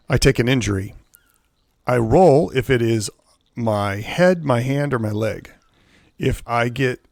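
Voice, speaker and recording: Man, live game streamer, gravelly voice, rambling explanations, mutters while playing, dry close-mic sound. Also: mid-range voice, no room sound. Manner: rambling, self-correcting explanations; mutters under his breath while playing. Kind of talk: casual live gameplay commentary.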